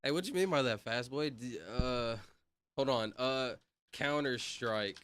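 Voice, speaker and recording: Bright-voiced young man streaming live. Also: mid-range voice, unhurried, faint music behind. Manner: talks to chat, reads out names, laughs loudly. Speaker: livestreamer. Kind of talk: casual livestream chat. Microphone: headset mic.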